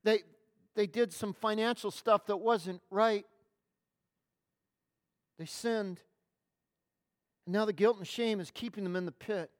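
Woman preacher, mid-range voice, emphatic sermon delivery with drawn-out key words and repeated starts. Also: medium pitch. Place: in front of a congregation.

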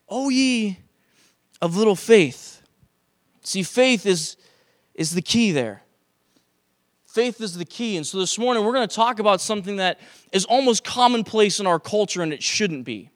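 Male pastor, high voice, dry close sound, lively sermon delivery with acted-out asides. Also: no room sound. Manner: animated, acts out voices in quoted asides. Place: church sanctuary.

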